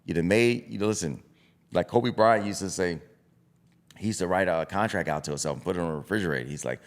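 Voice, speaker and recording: Talking fast in a deep voice, this middle-aged man is a boxing coach in a relaxed podcast conversation. His manner is blunt and lively, and he performs voices to show how self-talk sounds.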